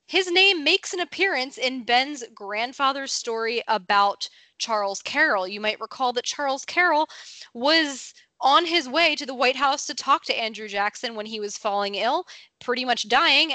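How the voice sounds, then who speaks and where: A woman's voice: a little high, sharp tone, no echo. A young adult woman co-hosting a casual podcast, explaining facts in a friendly, informative way and laughing easily. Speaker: podcast co-host.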